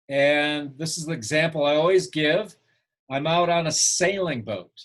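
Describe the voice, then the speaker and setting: A man with a somewhat raised pitch teaches photo composition on a video call. He keeps putting questions to his class and praises their answers. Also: a little slow, fairly bright tone. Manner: asks the class questions, encouraging.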